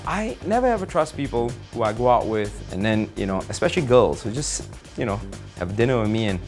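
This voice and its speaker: A man hosts a comedy web news show in Singaporean English. He talks in a lively, bouncy voice that jumps around a lot, joking and rambling with plenty of fillers. Music plays clearly behind him. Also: mid-range voice, a little fast. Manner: jokey, rambling, lots of fillers. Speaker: host.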